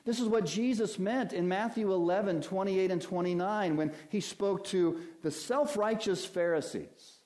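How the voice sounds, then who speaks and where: A man preaching a sermon as pastor, rising in emphasis and drawing out key phrases slowly. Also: high-pitched, darkish tone. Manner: preaching with swells of emphasis and slow drawn-out phrases.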